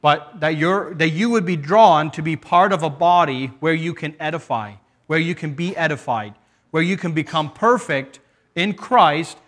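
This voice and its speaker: A male preacher delivering a sermon to his congregation. His voice sits a little higher than most men's. He speaks earnestly, often stopping to restart a thought or to read scripture aloud. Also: moderate pace, a bit bright.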